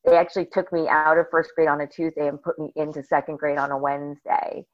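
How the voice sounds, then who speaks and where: A middle-aged woman from northern New Jersey, a bubbly, animated guest telling stories in a casual interview. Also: low-pitched, fast. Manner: bubbly, animated storyteller who acts out quotes. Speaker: podcast guest. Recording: slightly dull lo-fi audio.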